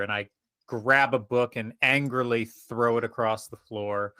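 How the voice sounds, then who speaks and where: A man playing a tabletop role-playing game, narrating his character's actions in first person, animated and profane. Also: mid-range voice, measured pace, clean tone, dry recording. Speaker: player.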